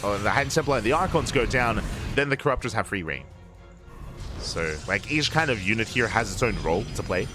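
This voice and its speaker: Excitable male esports caster. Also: on the low side, over music. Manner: quick, excitable calls that jump up at big plays. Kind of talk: live play-by-play commentary.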